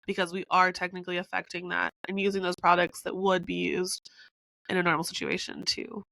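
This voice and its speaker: A young woman hosting a casual beauty education podcast, chatty and long-winded, her voice hoarse and congested from being sick. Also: lowish voice, flat delivery, fairly quick, sharp tone, no room sound, low-quality recording. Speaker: podcast host, brow artist.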